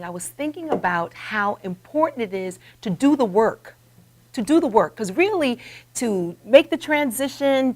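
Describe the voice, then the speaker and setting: A middle-aged woman hosting a live web talk show, telling a story with rising emphasis. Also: fairly high pitch. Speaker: host. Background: soft guitar music.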